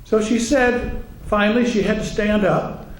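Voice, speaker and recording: Slow, wry male minister in an echoey church. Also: sits high, steady tone. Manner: wry, conversational, acts out quoted voices. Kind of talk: sermon with humor. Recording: echoey room, faint ambience.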